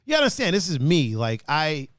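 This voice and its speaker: A man's voice: a little high, very animated, moderate pace, a bit bright, clear, resonant tone, dry recording, clean studio sound. A man with an East Coast accent and D.C. slang, hosting a casual livestream chat, laid-back and laughing often. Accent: East Coast, D.C. and Baltimore slang. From Washington, D.C. area. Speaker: host.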